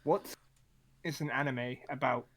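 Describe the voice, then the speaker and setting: A man co-hosting a stream, building model kits and joking in a low-key way. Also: steady tone, unhurried, gravelly, fairly bright tone, slightly rough. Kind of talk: casual chat.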